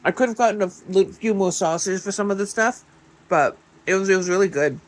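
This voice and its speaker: Chatty excitable home vlogger. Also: medium pitch, fairly quick. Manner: chatty and excitable, with many fillers like "like" and "um". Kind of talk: casual chat and on-camera food tasting. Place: home kitchen, indoors.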